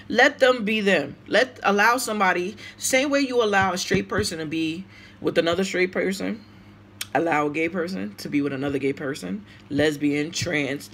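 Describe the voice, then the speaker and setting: A woman's voice: mid-range voice, fairly bright tone, a little hiss or hum. A woman with a Brooklyn accent, vlogging casually to camera and answering tag questions, emotional and outspoken. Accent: Brooklyn, New York. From United States.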